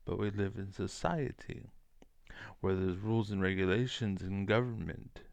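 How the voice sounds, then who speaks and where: A man's voice: lowish voice, normal speed, gravelly, darkish tone, no echo. A man ranting casually, rambling and profane, with many fillers. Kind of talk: casual rant to camera.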